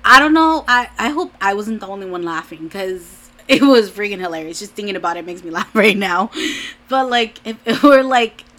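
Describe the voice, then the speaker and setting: A woman's voice: medium pitch, expressive, normal speed, fairly bright tone. A young adult woman vlogger chatting casually, rambling with lots of "like"s and restarts, and often laughing. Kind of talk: casual chat.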